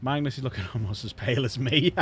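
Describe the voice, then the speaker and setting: A man's voice: mid-range voice, bright, forceful tone. A man hosting a livestream, chatting casually and jokily with his viewers while painting miniatures. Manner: chatty, jokey, talks to chat. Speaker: livestream host.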